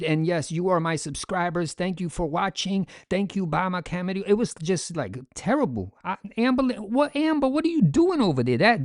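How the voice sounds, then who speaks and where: This is a man hosting a commentary vlog, and his voice sits a little higher than most men's. He rants in a mocking, exasperated tone and keeps asking the audience rhetorical questions. The recording is dry, with no room sound. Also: darkish tone, no echo. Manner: rants with repeated rhetorical questions and calls to "folks". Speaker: commentary channel host.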